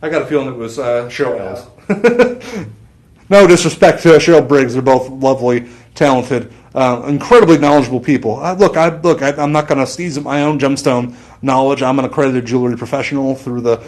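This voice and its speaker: A man's voice: mid-range voice, brisk, darkish tone. Chatty man selling jewelry, roomy sound. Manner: rambling and chatty, with self-interruptions and laughs. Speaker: shopping channel jewelry host. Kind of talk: live sales stream. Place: studio set with a TV screen behind.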